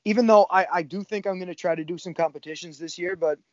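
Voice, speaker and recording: A man's voice: sits high, fast talker, darkish tone, dry recording, highs cut off. Laid-back swearing man in his thirties. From Cape Breton, Canada. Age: 30s. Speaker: jiu-jitsu coach. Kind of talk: casual chat.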